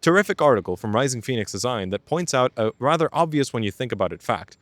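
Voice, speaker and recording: A man's voice: mid-range voice, sing-song, fast, fairly bright tone, dry recording. Guy doing an enthusiastic british blogger reading his own post, dry sound. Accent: put-on British. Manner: reading a quoted blog post aloud. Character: male tech blogger quoted with a fake British accent.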